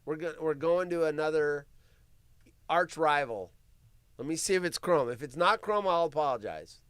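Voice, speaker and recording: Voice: mid-range voice, animated, moderate pace, a bit bright, clear, resonant tone, no echo. A live stream host doing solo commentary, ranting with profanity, mocking asides and laughter while reading the news aloud.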